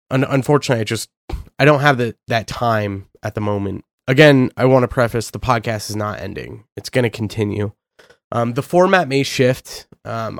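A young man hosting his own podcast, speaking earnestly and getting emotional, with many fillers and pauses. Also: lowish voice, gravelly, no echo, studio quality. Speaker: podcast host. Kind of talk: solo podcast monologue.

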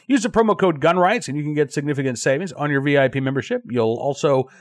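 A man hosts a daily news show, with a voice a little higher than most men's. He talks in a loose, conversational way, full of fillers and restarts. The sound is dry, close and free of room echo. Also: quick pace.

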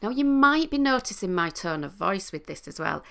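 A middle-aged woman, a coach and trained therapist, explaining listening skills in a calm, teaching manner. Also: medium pitch, moderate pace, creaky. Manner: calm, explanatory, with sing-song demonstrations. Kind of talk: talking to camera, teaching.

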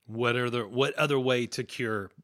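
Male co-host, mid-pitched, dry sound, curious questioner. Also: steady tone, moderate pace, fairly bright tone, dry recording. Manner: curious, asks short follow-up questions. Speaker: podcast co-host asking questions. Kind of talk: casual chat.

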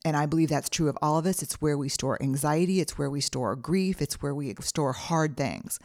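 A woman's voice: deep voice, normal speed, a little mellow, dry recording, studio quality. A middle-aged woman hosting her own podcast, talking earnestly through numbered advice in a solo monologue. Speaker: podcast host.

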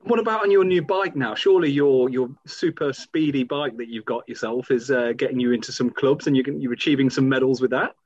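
A man in his thirties from England co-hosts a podcast, chatting casually and warmly and laughing easily. His mid-range, darkish voice moves a little fast with few pauses, captured dry and lo-fi on a new home microphone.

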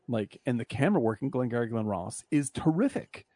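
A man's voice: mid-range voice, very animated, brisk, mellow, no room sound. A man hosting a casual film discussion, blunt and profane, rambling with lots of fillers.

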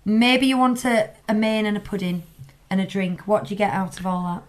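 A woman's voice: medium pitch, fairly quick. A woman with a Northern English accent co-hosting a casual podcast chat. She talks in a chatty way, laughs often and reads menu items aloud. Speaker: podcast co-host.

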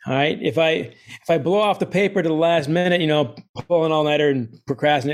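A middle-aged man, an author speaking as a guest, telling stories in an animated way and laughing often. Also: a little high, fast. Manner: energetic, quotes others in put-on voices, laughs often. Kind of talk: animated storytelling interview.

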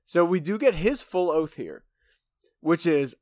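A man's voice: on the high side, very animated, unhurried, darkish tone, no echo, clean studio sound. A man co-hosting a podcast, casually recapping a reality show, joking and swearing freely. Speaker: podcast co-host.

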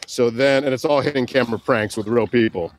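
A man being interviewed, telling a story with laughs and acting out the people he quotes in loud voices. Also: mid-range voice, brisk, slight background noise. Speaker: guest, comedian and prank filmmaker. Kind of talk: animated anecdote telling.

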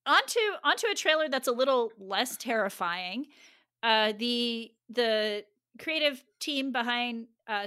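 Bright, chatty woman co-host. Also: fairly high pitch, no room sound, clean studio sound. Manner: animated, chatty, uses "like". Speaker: podcast co-host. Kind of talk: casual chat.

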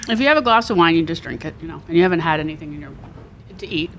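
A woman's voice: low voice, expressive, rapid-fire, fairly bright tone. A woman co-hosting a podcast in casual chat from a restaurant, rambling and self-deprecating, often restarting. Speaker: podcast co-host.

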